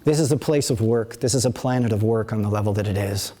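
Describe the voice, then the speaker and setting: A man's voice: lowish voice, fast talker, warm tone. Man, 50s, workshop teacher; casual rambling delivery, trips over his words a lot. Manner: rambling, conversational, frequent restarts and asides. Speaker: qigong teacher leading a workshop. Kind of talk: live workshop talk. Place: events center before a live audience.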